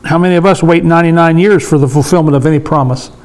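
A man's voice: on the high side, steady tone, fast talker, darkish tone, low-quality recording. A man in his sixties leading a casual Bible study discussion, emphatic and repeating his points for stress. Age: 60s.

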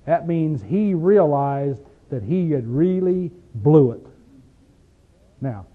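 Southern hillbilly preacher guy, kinda high voice, folksy, sounds like it's coming through a phone. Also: animated. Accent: Southern American hillbilly. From Appalachian region, USA. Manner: folksy, rhetorical questions, reads scripture slowly. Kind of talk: sermon. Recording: tinny phone-like recording.

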